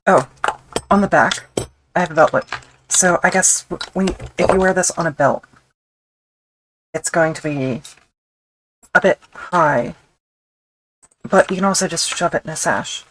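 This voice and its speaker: Low-voiced woman muttering while she crafts. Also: a little slow, long pauses, fairly bright tone, slight background noise, rough recording. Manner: wry, mutters to herself as she works. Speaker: leatherworker streaming her craft. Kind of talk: casual running commentary while working.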